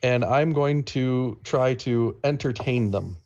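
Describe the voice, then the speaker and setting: A man playing a tabletop game, talking in a hesitant, halting way with many fillers. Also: medium pitch, a little mellow, highs cut off. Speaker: player.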